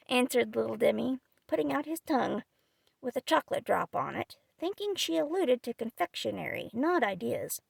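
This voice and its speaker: A woman narrating a classic novel as an audiobook reader, with expressive storytelling on a close mic. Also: fairly high pitch, normal speed, vocal fry, husky, no echo.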